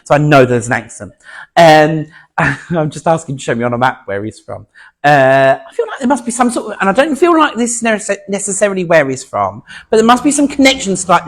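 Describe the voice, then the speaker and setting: Male medium, chatty and halting with fillers, animated, slightly high voice. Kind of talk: platform mediumship demonstration. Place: spiritualist centre meeting room before an audience.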